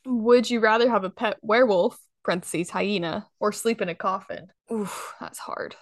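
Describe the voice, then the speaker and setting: A woman hosting a casual podcast chat, playful and animated, often laughing. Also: mid-range voice, moderate pace, no echo, studio quality. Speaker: podcast host.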